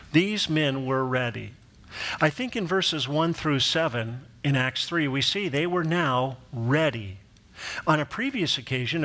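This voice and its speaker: Animated storytelling male pastor. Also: fairly high pitch. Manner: animated storyteller, acts out quoted voices, laughs at his own jokes. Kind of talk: sermon with personal storytelling.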